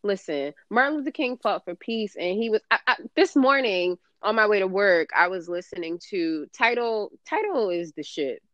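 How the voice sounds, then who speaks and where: A woman's voice: medium pitch, expressive, normal speed, hardly any pauses, fairly bright tone, no echo. Woman podcast co-host, casual chat, emphatic and profane, dry muffled sound. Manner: emphatic, profane, rambling with fillers.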